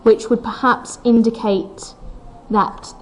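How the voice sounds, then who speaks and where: A woman's voice: fairly high pitch, flat delivery, slow pace, slight background noise, rough recording. A woman teaching a recorded English lesson, explaining a poem step by step and reading its lines aloud with the stresses brought out.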